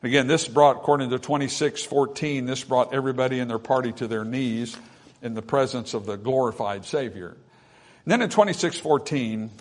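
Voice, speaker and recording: A man's voice: mid-range voice, moderate pace. Male preacher, mid-range voice, sermon delivery with dramatic emphasis and country-style humor. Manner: preaching with swelling emphasis and folksy asides.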